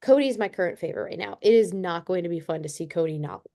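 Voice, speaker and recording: Young woman, podcast co-host; chatty, animated storyteller, slightly low voice. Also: fast. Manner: animated storytelling, acts out quotes. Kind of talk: casual chat.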